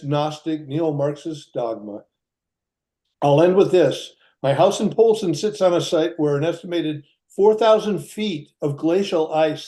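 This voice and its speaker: A man's voice: on the high side, warm tone. A man giving a prepared public comment at a hearing, emphatic and punchy, stacking charged words. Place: remote hearing.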